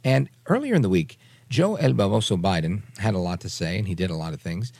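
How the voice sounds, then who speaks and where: A man's voice: sits low, sing-song, fairly quick, vocal fry, mellow, no echo. A man hosting a radio talk show, giving emphatic, opinionated political commentary and repeating phrases for emphasis.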